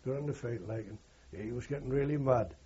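A man's voice: medium pitch, fairly quick, dark tone, muffled recording. An older man, a war veteran, telling rambling anecdotal recollections in an interview. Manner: rambling anecdotal, frequent "you know" and "like". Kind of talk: oral history recollection.

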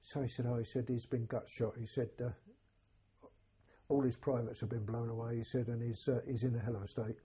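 An older English man, a war veteran, telling an oral history in a halting, plain-spoken way with a husky voice. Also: medium pitch, level tone, warm tone, highs cut off. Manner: halting, plain-spoken storytelling with many restarts. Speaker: war veteran recounting memories.

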